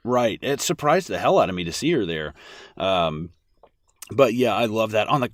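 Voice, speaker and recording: A man's voice: on the low side, expressive, a little fast, a bit bright, no echo, clean studio sound. A man co-hosting a casual movie podcast, rambling with lots of fillers and restarts. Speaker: podcast co-host.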